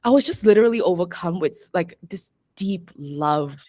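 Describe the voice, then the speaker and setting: A young adult woman guesting on a podcast, talking in an open, rambling, reflective way and laughing easily. Her voice sits a little low, and the recording is dry and close with no room sound. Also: expressive, moderate pace, darkish tone, no echo. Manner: chatty and reflective, peppered with "like", laughs often. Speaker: podcast guest, astrologer and coach. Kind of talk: casual interview chat.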